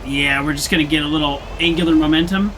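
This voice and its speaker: A man's voice: a little high, fairly even intonation, quick pace, background noise. A young man streaming a video game, chatting casually and joking with mock indignation. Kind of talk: casual gameplay commentary.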